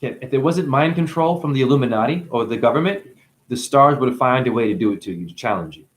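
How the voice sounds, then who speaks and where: A self-styled spiritual teacher talks fast in a medium-pitched voice with lively intonation. His monologue rambles and free-associates through wordplay, with frequent swearing and bursts of laughter.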